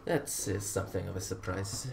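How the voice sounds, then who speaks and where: A man voicing a suspicious man in a hat with a deliberately bad Sicilian accent, speaking in a measured, wary, polite way. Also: low-pitched, vocal fry, pitched below the performer's own voice. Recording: noisy with keyboard clicks.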